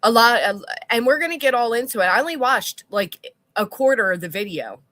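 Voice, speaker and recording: A middle-aged woman chats casually with her livestream viewers, rambling and reading their comments aloud. Her voice is bright and forward. The sound is dry and close to the mic. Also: on the high side, lively intonation, fairly quick, dry recording. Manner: chatty, rambling, reads chat aloud.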